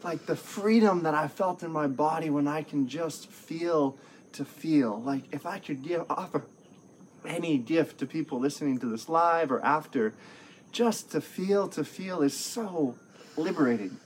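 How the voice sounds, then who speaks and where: An earnest, expressive man with a fairly high voice, talking casually and swearing now and then. Faint background noise runs under his voice. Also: a little slow, low-quality recording. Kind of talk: casual conversation.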